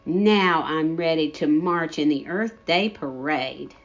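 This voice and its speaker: A woman voicing an excited, eager young boy in a read-aloud story, high and bubbly. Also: slow pace, a little hiss or hum. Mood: proud. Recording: dull lo-fi audio.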